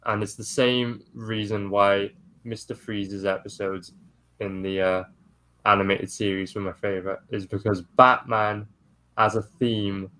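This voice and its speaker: A man's voice: lowish voice, level tone, a little slow, fairly bright tone. A man co-hosting a casual chat show, talking eagerly about the things he loves in an easygoing way. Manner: enthusiastic, self-described toy nerd. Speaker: co-host.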